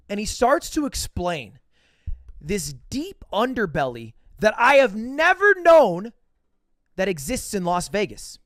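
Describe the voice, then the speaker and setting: Animated high-voiced man telling a story. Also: slow, no room sound, studio quality. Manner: animated, profane, self-mocking. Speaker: podcast host telling a story. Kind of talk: casual storytelling.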